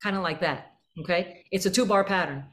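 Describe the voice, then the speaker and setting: A woman's voice: lowish voice, fairly quick, noisy background. A woman leading a band rehearsal clinic, coaching players with vivid images and singing out the syllables and rhythm phrases. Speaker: jazz clinician.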